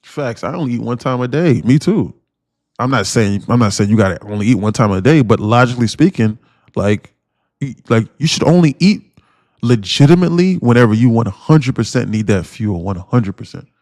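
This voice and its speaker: A man's voice: mid-range voice, expressive, moderate pace, a little mellow, no echo, studio quality. A man hosting a day-trading livestream in casual chat, rambling and slangy, firing off blunt rhetorical questions and repeating himself.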